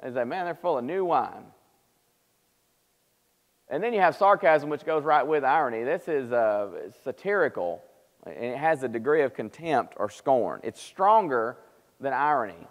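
A man's voice: very animated, normal speed. Man, Bible class teacher, conversational, church hall reverb. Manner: conversational teaching, acts out quoted speech with rising pitch. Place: church auditorium. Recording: long hall reverb of church live stream.

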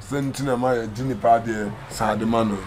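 A man's voice: fairly low pitch, steady tone, fast, crowd noise. A Ghanaian man talking casually as an interview guest, telling his story with repeated phrases. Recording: loud background noise.

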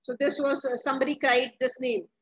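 A woman's voice: high-pitched, flat delivery, a little fast, fairly bright tone, husky, dull audio. A woman, a teacher explaining a story to her class, asking questions and often restarting her sentences. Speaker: English teacher.

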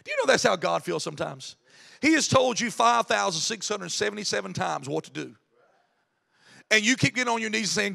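A man preaching a sermon in a very high, bright and forceful voice. He drives his points home with sudden loud bursts, then drops into chatty, self-mocking stories from his own life. A heavy gravelly fry runs through his speech. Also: big pitch swings, brisk. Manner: impassioned preaching that swings between loud emphasis and quiet asides. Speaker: pastor.

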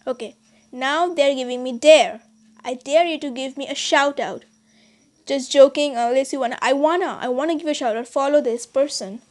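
A woman whose first language is Bengali, chatting casually in a vlog with halting, hesitant speech full of restarts and fillers. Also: sits high, darkish tone. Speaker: channel host.

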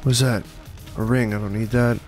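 Jumpy excitable young-sounding gamer guy. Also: on the low side, fairly quick, soft background music. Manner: jumpy, excitable, swears and laughs when startled. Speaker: let's play gamer. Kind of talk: casual gameplay commentary. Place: room at home.

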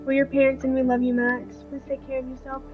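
Worried middle-aged parents check in on their grown daughter, read aloud by a woman. The voice is high-pitched and gently pleading, with faint music beneath. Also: monotone, fast, natural voice, poor audio. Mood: concerned. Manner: reading text messages aloud, gently pleading.

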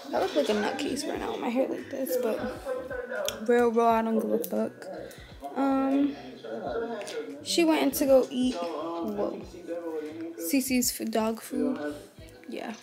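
A young woman in her twenties chats casually to camera, full of slang and easy swearing. Her voice sits a little high. A loud crowd roars behind her the whole time. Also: creaky. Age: 20s. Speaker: vlogger. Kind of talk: casual chat.

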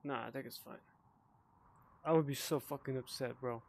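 A tipsy man with a mid-range, steady voice plays a VR game at normal speed, commenting casually. He swears constantly, erupts in frustration, and mumbles asides.

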